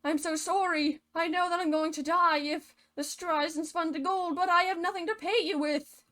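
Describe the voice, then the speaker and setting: A woman's voice: very high-pitched, fairly even intonation, moderate pace, sharp tone, pitched above the performer's own voice. A woman voicing a panicky young miller's daughter, with melodramatic, frantic wailing. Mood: pleading.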